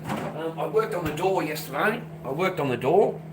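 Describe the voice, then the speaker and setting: A man's voice: fairly high pitch, animated, fairly quick. Swearing guy ranting into the camera, keeps repeating himself, lots of noise behind. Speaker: vlogger. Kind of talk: casual rant to camera. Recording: noisy background.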